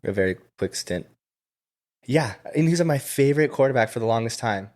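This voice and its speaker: A young man chats on a podcast at a mid pitch. He rambles loosely and keeps dropping fillers as he goes. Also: moderate pace. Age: young adult. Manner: relaxed, rambling, lots of "like". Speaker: podcast co-host. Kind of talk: casual chat.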